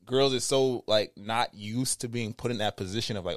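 A man's voice: on the low side, moderate pace, no room sound, clean studio sound. A man co-hosting a podcast who jokes and acts out little scenes in casual debate. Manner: animated, joking, acts out scenes. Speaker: podcast co-host.

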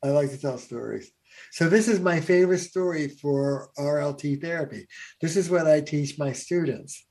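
A man's voice: on the high side, a little mellow. A man who is a family therapist, speaking as a guest in a reflective conversation with frequent hesitations. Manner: many halting fillers and restarts.

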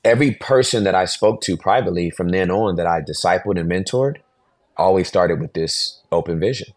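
Brief: man in his forties, very low voice, dry close sound, animated podcast storyteller. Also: fairly quick, no room sound. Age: 40s. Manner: animated storyteller, acts out voices, laughs often. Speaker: pastor, podcast guest.

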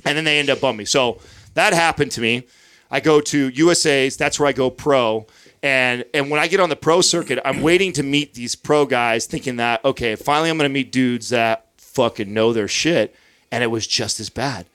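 A man's voice: medium pitch, a little fast, fairly bright tone, smooth. A man in his thirties hosting a podcast, telling a long story in casual chat, swearing freely and acting out what others said. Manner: profane, storytelling with acted-out quotes. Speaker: podcast host.

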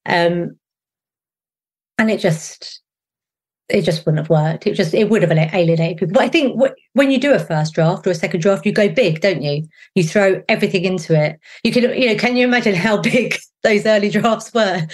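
A middle-aged woman with a thick South East London accent answers interview questions in a chatty, animated way. She keeps restarting her sentences and filling pauses with "um" and "you know". Her voice sits a little low for a woman. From England. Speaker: showrunner guest.

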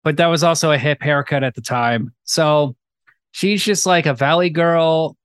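A man's voice: on the high side, normal speed, smooth, no room sound. A young man co-hosting a casual movie review chat, rambling with lots of fillers and film references. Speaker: podcast co-host.

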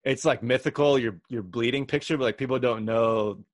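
A man's voice: mid-range voice, moderate pace, no room sound, studio quality. A man hosting a casual podcast chat, telling stories and acting out quotes with energy. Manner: animated storyteller, acts out quotes. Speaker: podcast host.

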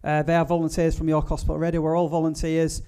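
A man hosting a podcast's live show rattles along at a fast clip. His voice sits a little high but has a soft, mellow tone, and his talk is chatty and full of fillers and restarts. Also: completely flat delivery, clear, resonant tone. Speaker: podcast host. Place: live event before an audience.

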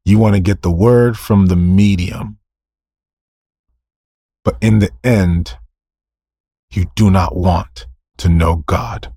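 A man's voice: low-pitched, slow pace, long pauses, mellow, breathy edge, dry recording, studio quality. A male preacher delivering a sermon, emphatic, firing off rhetorical questions, answering them himself and repeating key phrases.

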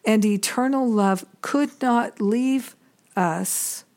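A woman giving a reflective spiritual teaching talk, measured and earnest, pausing often between thoughts. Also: fairly high pitch, a little mellow.

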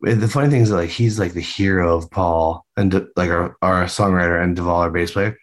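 A man's voice: low voice, fairly quick. A man, a band member, chatting loosely in a video-call interview, rambling with lots of fillers and the odd swear.

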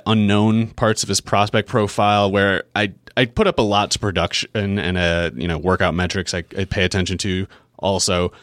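Man, low voice, casual analytical sports chat, long run-on explanations, frequent restarts, dry close sound. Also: fairly bright tone, no room sound. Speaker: fantasy football podcast co-host.

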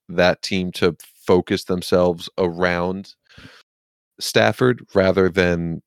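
A man's voice: sits low, smooth, dry recording. A man co-hosting a casual sports podcast, rambling and swearing casually, with a self-deprecating streak and the hiccups. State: has the hiccups. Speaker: podcast co-host.

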